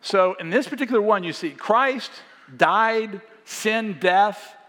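A man giving a sermon as guest preacher, speaking in a conversational, animated way and often asking the congregation questions. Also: sits high, slow pace, slight background noise. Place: church sanctuary. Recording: long hall reverb.

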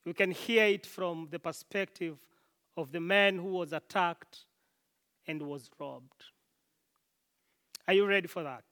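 A preacher sets up a story for the congregation, speaking slowly and warmly drawing them in. The tone is inviting, with a direct question to the listeners. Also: mid-range voice, long reverb tail. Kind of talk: sermon storytelling.

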